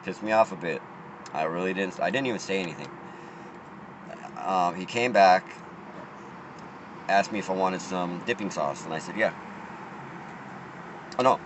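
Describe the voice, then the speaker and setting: A man's voice: sits low, normal speed, long pauses, background noise. A man telling a rambling, profane story in casual talk, often restarting his sentences.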